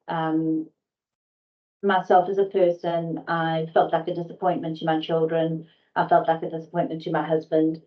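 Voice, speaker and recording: A middle-aged woman, a sales trainer, gives a training session in an earnest, candid way and poses rhetorical questions, in a dull lo-fi recording. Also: lowish voice.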